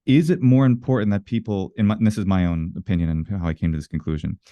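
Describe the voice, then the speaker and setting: A low-voiced man with a mellow tone, talking as a guest in a casual interview. He explains his ideas earnestly and at length, often stopping to rephrase mid-sentence. The sound is close and dry. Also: fairly even intonation, fast talker, no echo, highs cut off. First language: English. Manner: earnest, explains at length with frequent self-corrections.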